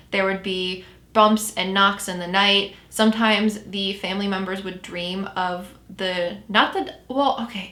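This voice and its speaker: A woman tells a story in a loose, conversational way and often stops to correct herself. Her voice is bright and forward. The sound carries noticeable room echo. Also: mid-range voice. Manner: chatty, self-correcting storyteller. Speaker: podcast host. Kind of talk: casual storytelling chat.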